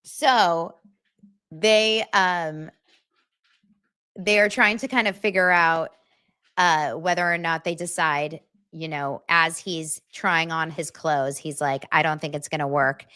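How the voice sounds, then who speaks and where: A woman hosting a pop culture show who recaps reality TV in a blunt, profane, animated style. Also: lowish voice, slow, clean tone. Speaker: pop culture podcast host. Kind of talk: casual gossip recap.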